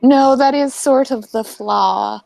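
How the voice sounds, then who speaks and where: A woman's voice: high voice, takes it slowly, creaky, darkish tone, no room sound. A woman running a tabletop game as game master, with dry, amused remarks.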